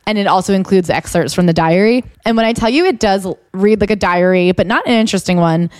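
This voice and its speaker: A woman's voice: quick pace, a little mellow, clear, resonant tone, dry recording. Young woman podcast host, sarcastic, voice shoots up when she's exasperated, dry mic. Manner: sarcastic, incredulous, pitch jumps when exasperated. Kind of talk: casual chat reading from a book.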